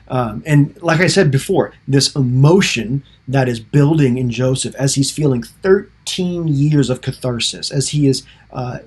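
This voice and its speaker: Husky, earnest male Bible teacher. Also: mid-range voice, a little mellow. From United States. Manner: earnest, with frequent restarts and emotive paraphrase of scripture.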